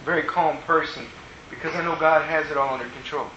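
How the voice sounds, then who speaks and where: A man preaching a sermon as a personal testimony, telling the story earnestly and moving between hushed and excited tones. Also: fairly high pitch, brisk, lo-fi sound, a little hiss or hum. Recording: roomy echo.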